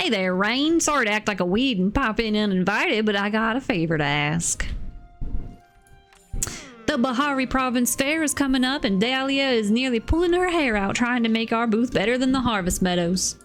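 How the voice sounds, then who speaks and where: A woman's voice: on the high side, animated, moderate pace, faint music behind, natural voice. Chatty homespun villager, read by a woman. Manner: plain read-aloud of game dialogue.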